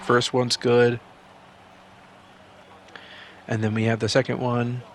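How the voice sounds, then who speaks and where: A man calling play-by-play over a basketball video game, excitable and jumping up in pitch on big plays, with chatty asides in between. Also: slow, slight background noise. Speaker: gaming channel host.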